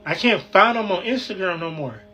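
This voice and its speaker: A man talking into his phone in a casual, excited, rambling way, repeating himself. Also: high-pitched, a little fast, soft background music. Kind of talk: casual selfie narration.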